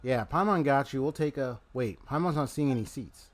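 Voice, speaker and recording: A man's voice: medium pitch, moderate pace, close to an everyday voice. A man reading aloud the lines of a small chatty female fairy companion in his plain voice. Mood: curious. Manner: reads game dialogue aloud in a plain voice.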